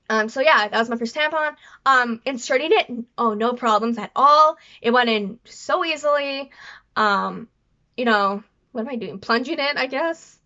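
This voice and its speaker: Chatty woman with a bright, lively voice. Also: fairly high pitch. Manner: rambling, stutters and restarts; apologetic. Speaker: vlogger. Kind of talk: casual storytelling to camera. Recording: dull lo-fi recording.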